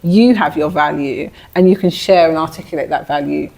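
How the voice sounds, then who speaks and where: A woman co-hosting a podcast, talking through her points in a measured, thoughtful way. Her voice sits a little low for a woman. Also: vocal fry, darkish tone. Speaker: podcast co-host. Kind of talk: casual podcast discussion.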